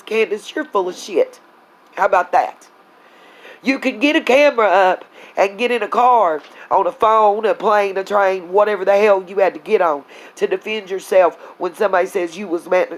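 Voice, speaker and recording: A woman's voice: mid-range voice, normal speed, low-quality recording. A woman, angrily venting to her viewers in a casual vlog, blunt and heated, talking to them as y'all. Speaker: vlogger. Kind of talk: angry casual vlog rant.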